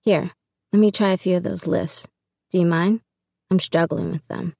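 A woman's voice: on the low side, fairly even intonation, moderate pace, creaky, dark tone, slightly rough, no echo, clean studio sound. A woman voicing an easygoing teenage ballet boy. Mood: friendly.

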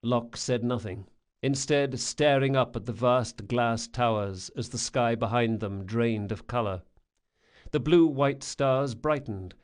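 A man reading a fantasy audiobook in a measured, descriptive storytelling manner. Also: medium pitch. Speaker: narrator. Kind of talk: scripted audiobook narration.

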